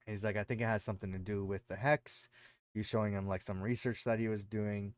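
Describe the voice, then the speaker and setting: A man's voice: on the low side, steady tone, fairly quick, clean tone, no room sound, clean studio sound. A man co-hosting a podcast, casually recapping a show in a rambling way with lots of fillers. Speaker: podcast co-host.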